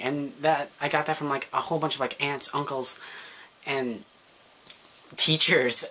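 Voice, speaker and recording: A man's voice: a little high, fairly even intonation, unhurried, long pauses, sharp tone, slightly rough. A young man telling a personal story to camera in a chatty, casual way, full of fillers and little acted-out quotes. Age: young adult. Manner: chatty, lots of fillers, acts out quoted voices. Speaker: vlogger.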